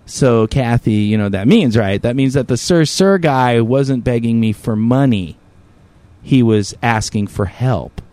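A man in casual chat, rambling through a story packed with fillers and swearing. He flares into heated, raised outbursts when quoting himself. His voice sits at an ordinary middle pitch and is recorded very dry and close. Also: lively intonation, a little slow, dark tone, dry recording.

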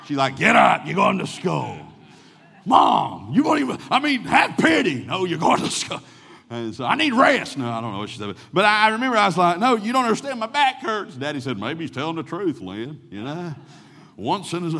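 A middle-aged man preaching a sermon, telling folksy personal stories and swinging from loud to hushed. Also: fairly high pitch, in a large hall.

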